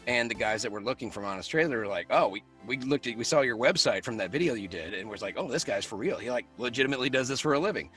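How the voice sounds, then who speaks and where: A man who works as a voice actor, chatting as an interview guest. He tells animated stories and laughs often. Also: mid-range voice, fast talker, hardly any pauses, faint music behind. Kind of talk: casual interview chat.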